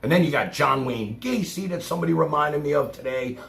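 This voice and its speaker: A man from Brooklyn with a New York accent, livestreaming a rambling monologue from his chair, swinging from loud outbursts to low mutters and cursing freely. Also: lively intonation, a little fast, creaky. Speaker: live streamer. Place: home room, seated in chair. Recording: roomy echo, faint background noise.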